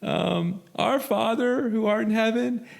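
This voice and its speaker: A man's voice: sits high, a little slow, creaky, pitched above the performer's own voice, exaggerated voice. A man doing a shaky, timid young woman. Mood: nervous. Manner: shaky, hesitant. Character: nervous timid young woman newly sober.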